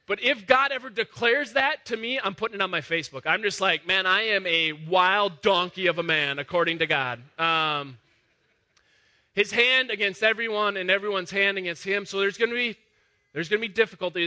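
Bright-voiced man preaching a sermon. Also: sits high. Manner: conversational preaching, swings to loud emphatic peaks. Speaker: pastor.

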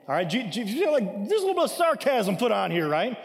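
High-voiced preacher in a reverberant hall. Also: male voice, very animated, quick pace, gravelly, hardly any pauses. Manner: conversational preaching with frequent "right?" asides; emphatic, acts out scripture quotes. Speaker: pastor. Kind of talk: sermon.

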